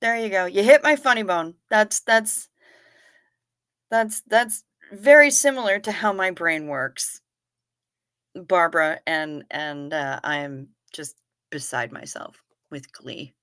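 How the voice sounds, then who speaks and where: A woman hosts a live stream and chats with her viewers in an unhurried, drawn-out way, reading their comments aloud. Her voice is bright and forward, and her delivery is wry and loose, with casual swearing and frequent giggles. The sound is dry and close, with no room echo. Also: fairly low pitch, clean tone.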